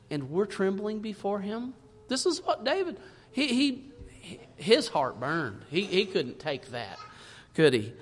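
A man preaching a sermon, reading scripture in old-fashioned wording and swinging between loud emphasis and hushed asides. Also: high-pitched. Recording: long reverb in a large hall.

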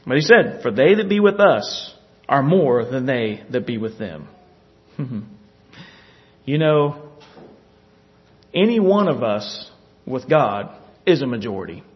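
A man preaching a sermon, animated, acting out scripture scenes with little chuckles. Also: medium pitch, slow pace, long pauses. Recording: dull lo-fi recording.

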